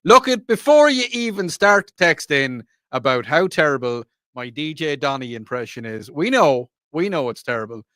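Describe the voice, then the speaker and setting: A man's voice: medium pitch, bright, forceful tone, dry recording. An Irish man hosting a radio talk show, chatting in a rambling, jokey, self-mocking way into a studio microphone. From Ireland. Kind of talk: casual radio chat.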